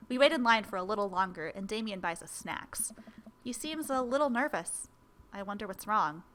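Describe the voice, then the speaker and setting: A woman's voice: medium pitch, lively intonation, normal speed, a bit bright, a little hiss or hum. A woman hosting a let's-play, reading a dating game aloud and adding playful, chatty asides to the characters.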